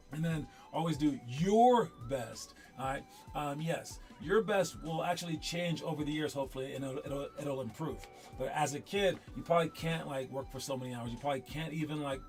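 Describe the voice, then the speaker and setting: Rambling, emphatic youth basketball coach. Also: male voice, a little high. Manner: rambling, emphatic, many fillers and restarts. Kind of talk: motivational talk to young players.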